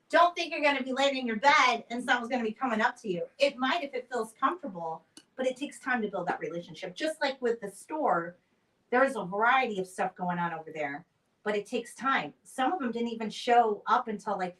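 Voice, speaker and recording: A chatty woman in her forties tells stories in a relaxed, casual way, acting out the voices of the people in them. She sits back from the mic, so her voice sounds a little distant in the room. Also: fairly high pitch. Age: 40s. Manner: chatty storyteller, acts out quotes. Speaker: building owner. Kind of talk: casual chat.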